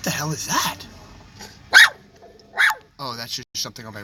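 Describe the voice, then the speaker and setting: A man's voice: a little high, big pitch swings, moderate pace, pauses often, noisy background. A man livestreaming from inside a vehicle, telling a story in a rambling, shaky way, full of restarts and self-corrections. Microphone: dashboard camera.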